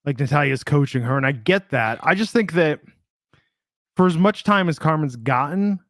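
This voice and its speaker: A man co-hosting a podcast, talking in a relaxed, opinionated way as he muses over each point. His voice sits a little high for a man. The sound is dry and close, with no room around it. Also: no room sound. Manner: conversational, opinionated, drawn-out musing. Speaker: podcast co-host. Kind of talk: casual wrestling podcast chat.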